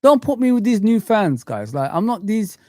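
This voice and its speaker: A man's voice: high-pitched, very animated, normal speed, dark tone, no room sound. A man hosting a football live stream, ranting in heated street slang as he reads the chat.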